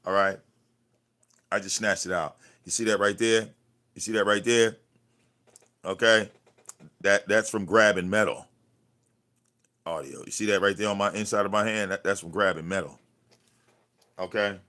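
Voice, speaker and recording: Low-voiced man ranting confrontationally. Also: fairly even intonation, normal speed, long pauses, sharp tone. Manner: confrontational, profane, repeats himself. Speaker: livestream host. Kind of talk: ranting livestream talk. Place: cluttered home room.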